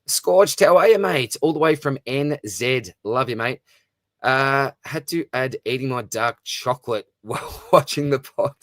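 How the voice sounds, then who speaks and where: A little slow and fairly bright, a medium-pitched man hosts a fantasy football live stream recorded in clean studio sound without echo. He answers viewers' comments in a casual, chatty way, frequently calling them "mate."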